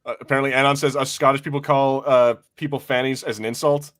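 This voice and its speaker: A man's voice: mid-range voice, quick pace. American male podcast host from New Mexico, mid-range voice, sweary and giggly. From New Mexico, USA. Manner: profane, laughing, excitable. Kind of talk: casual podcast chat.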